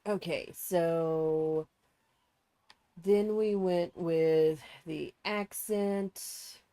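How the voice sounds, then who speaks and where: A woman's voice: fairly low pitch, fairly even intonation, very slow, warm tone, smooth, no echo. A woman streaming a building game in casual chat, thinking aloud and poking fun at herself while nursing a sore throat. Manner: chatty, self-mocking, thinking aloud.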